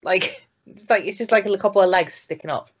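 A man's voice: sits high, brisk, lo-fi sound. A young man co-hosting a reaction video, laughing through crude casual banter.

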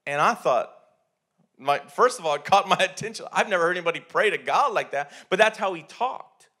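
A man's voice: high-pitched, expressive, fairly quick, sharp tone. A man preaching a sermon in a church, talking conversationally with many restarts and repeated words. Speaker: pastor.

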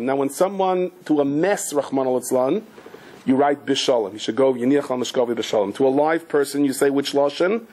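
A man, a rabbi, teaching a Torah class as an animated storyteller who asks his listeners questions. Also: mid-range voice, brisk, breathy edge.

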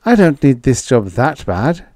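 Read by a man, a quick, acid-tongued young secretary snaps back in curt retorts. Her voice is lifted and lively, set close and dry for a story reading. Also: medium pitch, no echo, voice pushed up. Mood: tart.

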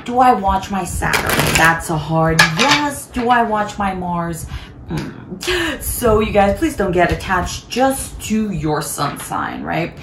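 A woman's voice: mid-range voice, expressive, takes it slowly. A woman giving a casual tarot reading in a bubbly, chatty way and laughing often. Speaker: tarot reader. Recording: echoey room, faint background noise.

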